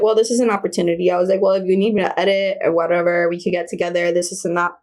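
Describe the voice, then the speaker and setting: A woman talks straight to her audience in a loose, rambling vlog, full of slang and filler words. Her pitch sits in an ordinary middle range, and she comes across as candid and unpolished. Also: darkish tone. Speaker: self-help vlogger. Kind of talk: casual personal storytelling.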